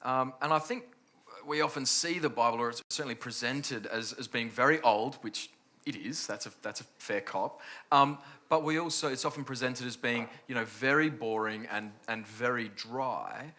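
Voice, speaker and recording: A man moderating a panel who asks friendly questions and thinks aloud between them. His voice is bright and his pitch is mid-range. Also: moderate pace. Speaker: panel host.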